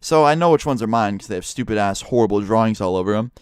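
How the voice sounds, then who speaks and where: A young man telling a casual storytime vlog, swearing freely and animated as he acts out quotes. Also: fairly low pitch, fast, clean tone, no room sound, studio quality. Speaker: YouTuber.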